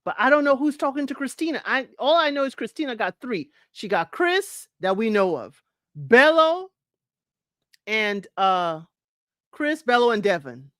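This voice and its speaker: On her casual live recap show, a woman reads viewer comments and chats with frequent laughter. Her voice is a little high, a bit bright, and sing-song, at a measured pace. The recording is dry and studio quality.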